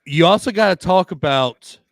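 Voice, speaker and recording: A man's voice: high-pitched, lively intonation, normal speed, creaky, dry recording. A man co-hosting a podcast in casual chat, easygoing with short reactions and asides. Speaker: podcast co-host.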